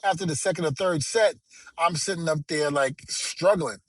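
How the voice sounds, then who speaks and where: With a fairly high, fairly bright voice that has a breathy edge, a middle-aged man co-hosts a podcast at normal speed. He tells stories playfully and casually, performing the quoted dialogue. There's no room sound.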